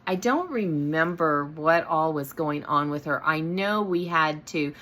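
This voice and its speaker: A woman's voice: deep voice, animated, a little slow, bright, forceful tone. A middle-aged woman hosting, telling a personal story in a casual way, with many fillers and restarts. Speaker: host.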